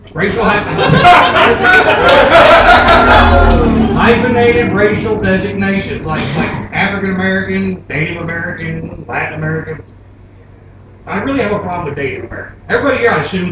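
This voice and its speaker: A man from Florida doing a stand-up comedy set, telling animated stories and laughing at his own jokes. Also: fairly high pitch, quick pace. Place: comedy club stage. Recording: very echoey club, taped from far off, noisy.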